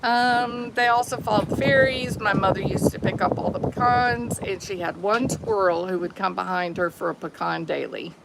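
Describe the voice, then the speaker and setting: A woman's voice: mid-range voice, moderate pace, gravelly, few pauses, heavy background noise. A woman chatting casually on a live vlog outdoors, talking to her viewers and her pets. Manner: chatty, talks to her pets, laughs often. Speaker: vlogger. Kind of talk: casual live-stream chat.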